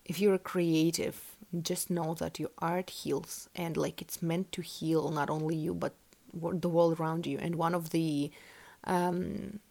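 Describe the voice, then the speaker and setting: A woman's voice: sits low, fairly even intonation, measured pace, gravelly, darkish tone. A woman who is not a native English speaker hosts a casual spiritual podcast and reads tarot, talking in an earnest, musing way full of "like" and "you know.". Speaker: podcast host reading tarot.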